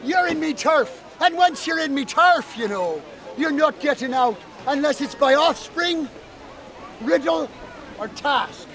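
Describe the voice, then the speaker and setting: Storybook fairy woman with a put-on lilt, scornful and brassy, pitched low for a high voice, as a storyteller plays her. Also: animated, unhurried, a bit bright, a faint crowd, slight background noise, full character voice. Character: bossy female Irish fairy, sharp-tongued know-it-all.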